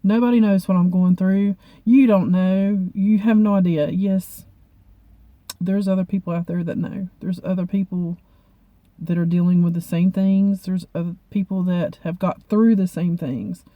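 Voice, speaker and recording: Halting, heartfelt woman vlogger, dull lo-fi sound. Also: on the low side, fairly even intonation, no room sound. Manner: halting, heartfelt, repeats herself. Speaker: beauty vlogger. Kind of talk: personal talk to camera.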